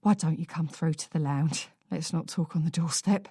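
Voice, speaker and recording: A woman's voice: low-pitched, moderate pace, dark tone, slightly rough, dry recording, clean studio sound, exaggerated voice. A woman voicing a flustered older woman with an East London accent, wary and fluttery.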